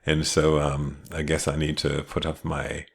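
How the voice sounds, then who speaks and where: A man with a London accent and an extremely low, deep voice talks through slides in a casual way. He keeps up a chatty flow, throwing in joking asides and quick tag questions to the listener. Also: completely flat delivery, gravelly. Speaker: family history presenter. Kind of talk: casual talk over slides.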